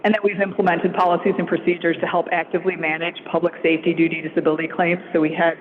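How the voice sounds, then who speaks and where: A woman's voice: on the low side, flat delivery, a little hiss or hum. Brief: woman, city staff, council briefing, hesitant delivery; narrow, lo-fi sound. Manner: halting, many fillers and restarts.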